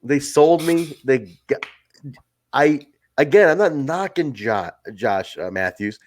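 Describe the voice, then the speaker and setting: Man, podcast co-host, loose chatty delivery, cursing, bursts of excitement. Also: mid-range voice, slow pace. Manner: excitable, swears freely, acts out quotes. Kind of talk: casual wrestling review chat.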